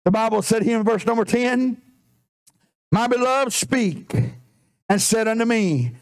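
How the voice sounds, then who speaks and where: A man preaching a fervent sermon in church, drawing out scripture slowly and rising into shouts. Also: very high voice, expressive. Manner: impassioned, drawls scripture slowly, breaks into shouts. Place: church sanctuary.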